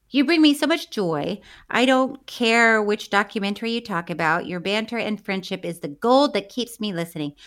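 Lively giggly woman co-host. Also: mid-range voice. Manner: giggly, reads listener letters aloud. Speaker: podcast co-host. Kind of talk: casual chat.

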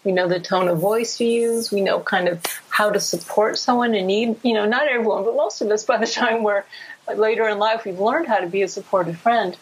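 Husky-voiced woman psychologist explaining. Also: medium pitch, a little fast, low-quality recording. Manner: explanatory, warm and animated. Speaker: psychologist guest. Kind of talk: podcast interview.

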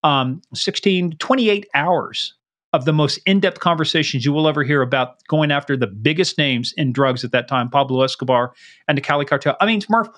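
Guy cohosting a podcast, kinda high voice, jokey fast promo talk. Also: a bit bright. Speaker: podcast co-host. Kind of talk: casual podcast chat.

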